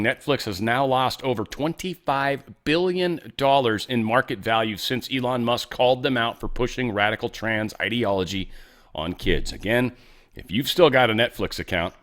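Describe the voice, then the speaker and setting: A man's voice: medium pitch, a bit bright. A man hosting a show, speaking casually and asking the audience rhetorical questions. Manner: folksy, conversational, asks the audience rhetorical questions. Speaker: host. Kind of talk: casual political commentary.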